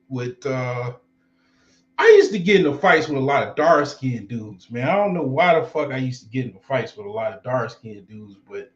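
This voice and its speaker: A man in his forties telling stories casually in a loose, rambling and profane way. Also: medium pitch. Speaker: vlogger. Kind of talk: casual storytelling. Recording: roomy, slightly dull recording.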